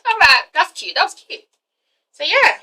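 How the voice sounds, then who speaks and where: A woman's voice: extremely high pitch, big pitch swings, moderate pace, bright, forceful tone, low-quality recording. A woman recapping a TV episode in a chatty, sassy, profane vlog. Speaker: TV show reviewer.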